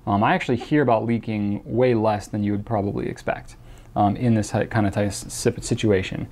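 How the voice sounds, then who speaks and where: On his casual Q&A show, a man speaks fairly quickly in a lowish, darkish voice with fairly even intonation. He chats with frequent fillers and restarts and reads a viewer's question in a mock accent.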